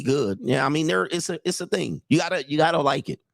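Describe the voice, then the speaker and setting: A man's voice: on the high side, fast, vocal fry, dry recording. A man who works as a dating coach, giving blunt, mocking casual commentary on clips and talking straight to his viewers.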